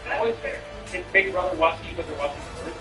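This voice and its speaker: A man's voice: high-pitched, expressive, rapid-fire, distant mic. A man streaming a game and chatting with viewers, a comedian with profane, rambling, incredulous banter. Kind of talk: casual gameplay chat with viewers. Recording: echoey room, off-mic, music behind.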